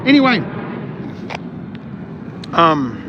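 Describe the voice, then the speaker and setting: A man hosting a casual car-talk livestream, rambling and animated, reading out viewer comments and shouting when worked up. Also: a little high, extremely slow, muffled recording, noisy background. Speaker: livestream host reading chat.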